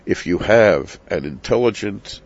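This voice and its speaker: An older man with a very deep voice teaches about the Passover Seder in an unhurried, storytelling way. His asides have a dry, self-mocking humor. The sound is dull and lo-fi. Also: animated. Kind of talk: reflective spoken teaching.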